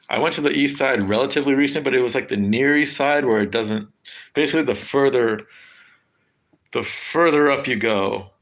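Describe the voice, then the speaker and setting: A man, rambling casually to his livestream audience, halting and restarting often and swearing a lot. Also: on the low side, vocal fry, a bit bright. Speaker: livestream host. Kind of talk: rambling casual stream chat.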